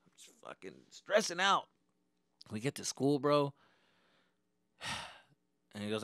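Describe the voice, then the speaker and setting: A young man hosting a podcast, telling a story in a casual, animated and profane way. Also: medium pitch, unhurried, dry recording, clean studio sound. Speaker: podcast host.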